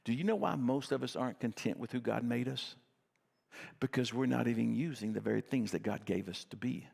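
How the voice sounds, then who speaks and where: A man's voice: medium pitch, fairly quick, vocal fry, darkish tone, breathy edge, long reverb tail. A middle-aged man preaching a sermon as pastor, telling stories in a conversational, self-deprecating way.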